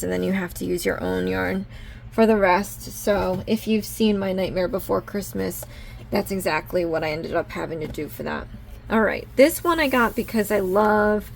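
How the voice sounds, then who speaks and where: Slow-talking gravelly woman crafting vlogger. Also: medium pitch, slight background noise. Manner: gushing, easily excited. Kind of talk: casual unboxing haul.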